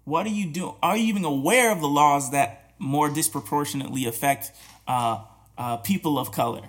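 A man with a fairly high voice speaks at normal speed as a podcast host offering reflective commentary. He talks earnestly and keeps challenging listeners with repeated rhetorical questions, full of restarts, hesitations and soft laughs.

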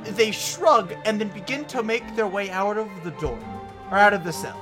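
A man's voice: high voice, animated, moderate pace, music in the background. A man narrating a tabletop game as game master, describing scenes casually with many fillers.

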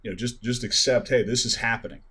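A man in a casual discussion, speaking softly and hesitantly, with lots of fillers. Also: mid-range voice, fairly even intonation, fast, slightly rough.

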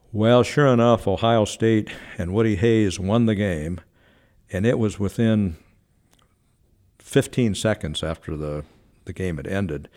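A very deep-voiced older man recounts memories in an interview. He talks in a chatty, meandering way, restarting phrases and dropping in fillers. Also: darkish tone. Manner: chatty, frequent self-corrections and fillers. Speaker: former White House switchboard operator. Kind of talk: anecdotal storytelling in an interview.

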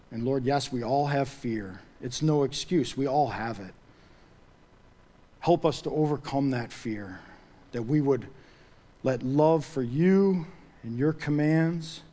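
A man preaching a sermon as pastor, pressing his points by repeating them, then praying softly. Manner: emphatic, repeats key phrases; drops to a soft low voice for prayer.

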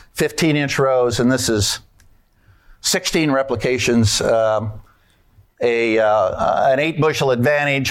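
A man giving a folksy conference talk on farming, asking the audience questions and walking through his slides. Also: mid-range voice.

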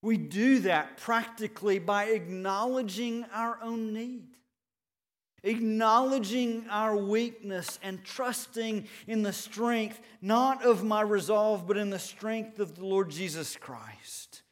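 A man preaching a sermon, earnest and measured, building points with rhetorical questions and repeated phrases. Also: high-pitched. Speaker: pastor.

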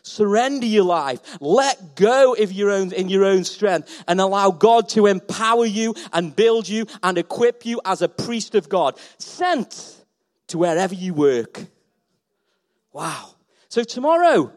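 A man preaching a sermon to his church, passionate and repeating phrases, swinging between loud and soft. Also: sits high, animated, a little slow. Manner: passionate, rising and falling in volume, repeats phrases. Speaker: pastor. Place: church hall.

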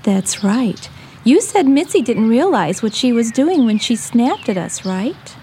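A woman's voice: fairly high pitch, sing-song, measured pace, slight background noise. Patient mother, played by a woman. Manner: patient, gently teaching. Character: caring mother, patient and wise. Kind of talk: radio drama acting.

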